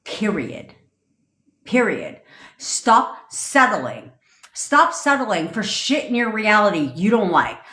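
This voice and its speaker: A woman's voice: medium pitch, big pitch swings, slow, bright, forceful tone. A woman manifestation coach ranting on a livestream, blunt, profane and emphatic, into a phone. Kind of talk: livestream rant. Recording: roomy echo.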